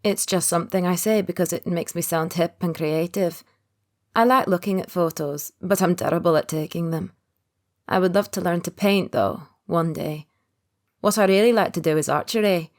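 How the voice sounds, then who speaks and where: A woman voicing a reserved man in his early thirties in an audiobook, speaking quietly and guardedly. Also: on the low side, close to an everyday voice. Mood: quiet, earnest. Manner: quiet, guarded, opens up slowly. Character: reserved thirty-one-year-old man, secret agent. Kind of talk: audiobook character voice.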